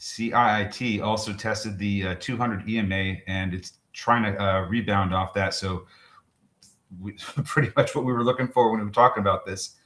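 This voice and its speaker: A man co-hosting a live trading show, talking through charts in a chatty, halting way. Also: on the low side, steady tone, fairly bright tone. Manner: chatty, halting, restarts with fillers, quick laughs. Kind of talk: live market commentary. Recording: roomy echo.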